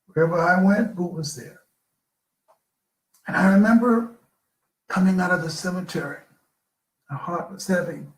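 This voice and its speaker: An older man giving a live motivational talk, telling personal stories with dramatic pauses. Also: sits high, reverberant. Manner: storytelling, slow with dramatic pauses. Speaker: motivational speaker.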